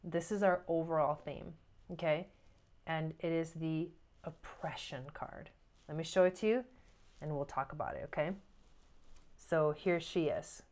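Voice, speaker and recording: A woman's voice: deep voice, a little slow, pauses often, darkish tone. A middle-aged woman giving a casual, earnest tarot reading, chatty and full of "like" and "you know", acting out inner voices as she talks. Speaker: tarot reader.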